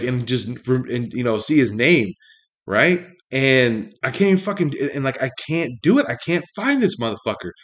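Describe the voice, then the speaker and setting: A man ranting casually in a monologue, exasperated and profane, rambling with many fillers. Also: medium pitch.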